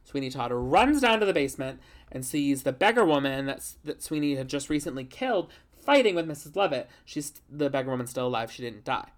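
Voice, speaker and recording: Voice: medium pitch, animated, fairly quick, hardly any pauses. A podcast host giving a comic, rambling plot recap with dramatic "guess what" beats.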